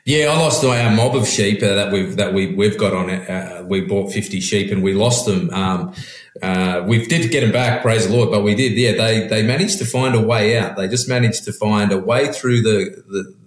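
A man, a pastor and sheep farmer, talking in a relaxed, rambling way with frequent restarts. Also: on the low side, moderate pace. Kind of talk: casual conversation. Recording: roomy echo.

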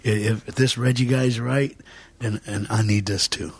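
A man as a guest preacher in an interview, talking fervently with many fillers and repeats, sometimes dropping to a soft near-whisper. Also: fairly low pitch, steady tone, moderate pace, slightly rough. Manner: filler-heavy, repeats words.

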